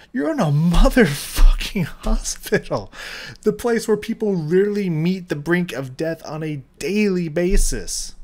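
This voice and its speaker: A man giving casual reaction commentary, ranting and swearing, swinging between loud outbursts and low muttering, his voice strained. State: voice strained, recovering. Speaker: video reactor.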